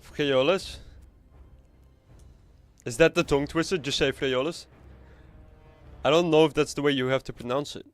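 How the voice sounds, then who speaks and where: A man's voice: fairly high pitch, normal speed, long pauses, dry recording, soft background music. Rambling playful man streaming a game. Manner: rambling, playful, swears casually. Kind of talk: casual live game stream chat.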